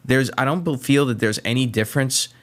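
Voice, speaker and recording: A man's voice: mid-range voice, fairly quick. A man being interviewed on a podcast, telling stories animatedly and often restarting his sentences. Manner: animated storyteller, repeats words when starting sentences. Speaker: podcast guest, medtech sales advisor. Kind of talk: casual chat.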